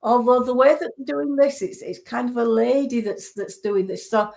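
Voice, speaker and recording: A woman with a fairly high voice gives psychic readings over the radio. She is earnest and reassuring, and she searches for her words as she goes. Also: moderate pace, gravelly, a little mellow. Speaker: clairvoyant.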